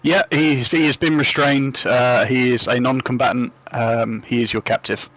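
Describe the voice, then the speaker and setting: Laid-back game master, mid pitch, hesitant. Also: male voice, moderate pace, rough recording. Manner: relaxed, hesitant, many ums. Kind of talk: narrating a tabletop game.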